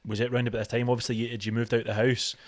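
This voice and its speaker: A man's voice: mid-range voice, flat delivery, racing. A man hosting a podcast, asking loose conversational questions full of fillers. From Scotland. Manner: conversational, rambling questions with many likes. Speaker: podcast host. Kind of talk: casual interview.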